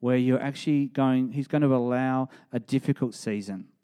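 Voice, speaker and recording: A man's voice: medium pitch, moderate pace, clear, resonant tone. Emphatic male preacher. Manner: emphatic, rising to animated storytelling. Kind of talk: sermon.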